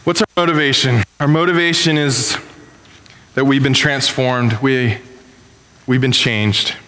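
A male pastor delivers a sermon in a relaxed, storytelling way and rises sharply in pitch on key questions. His voice sits at an ordinary middle pitch. The sound carries the long reverb of a church sanctuary. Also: measured pace. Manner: conversational storytelling, animated with sudden pitch jumps.

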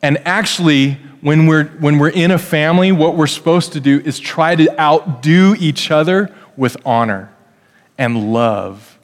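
A middle-aged male pastor with a slightly high voice preaches a family sermon at a measured pace in a church hall. He is lively, speaks straight to the kids, and acts out what family members say, with long hall reverb on the recording.

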